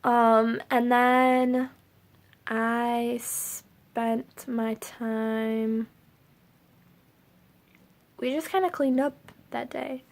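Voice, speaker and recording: A woman's voice: fairly high pitch, vocal fry. A young woman vlogging to camera, rambling casually with lots of filler words.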